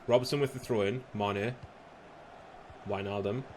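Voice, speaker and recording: A young man commentating his own football video game, slightly hoarse, bursting into shouts and laughter at goals. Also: on the low side, measured pace, slight background noise. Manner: excitable, shouts at goals, casual swearing. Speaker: gaming youtuber.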